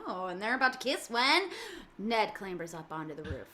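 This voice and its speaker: A woman narrating the action description in a fan table read of a film script, reading briskly and matter-of-factly. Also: mid-range voice, lively intonation, sharp tone.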